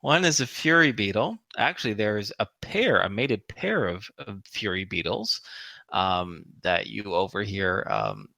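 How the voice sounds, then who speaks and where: Playful gravelly game master man. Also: on the low side, sing-song, unhurried, bright, forceful tone, dry recording. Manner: playful, teasing, laughs often. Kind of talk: narrating a tabletop game.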